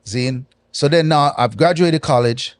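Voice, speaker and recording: A man's voice: on the high side, dry recording. Man with speech. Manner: animated, patois-laced, drawn-out pauses. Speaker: guest. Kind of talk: casual storytelling interview.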